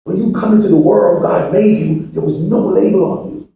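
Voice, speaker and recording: A man giving a motivational speech to a live audience. He swings from shouted appeals to hushed, preachy lines and keeps firing rhetorical questions. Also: high voice, moderate pace, lo-fi sound. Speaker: motivational speaker to students. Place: large echoey hall with an audience. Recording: very echoey hall from far off.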